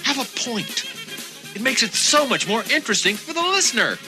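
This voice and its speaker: A man's voice: very high-pitched, big pitch swings, brisk. An actor playing an exasperated man who lectures a dull storyteller in a cutting tone, heard as a film clip. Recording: film clip with music behind.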